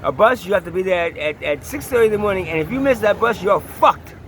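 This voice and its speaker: A man vlogging about his own troubles, swinging from halting talk into an angry, profane rant full of rhetorical questions. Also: high-pitched, a little hiss or hum. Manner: halting with many restarts when calm. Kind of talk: personal video diary and rant.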